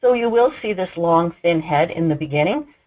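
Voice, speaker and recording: A woman giving an educational talk on newborn care, explaining gently and clearly, sometimes slowing to voice a baby's cues. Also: on the low side, expressive. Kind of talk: recorded educational presentation. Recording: tinny phone-like sound.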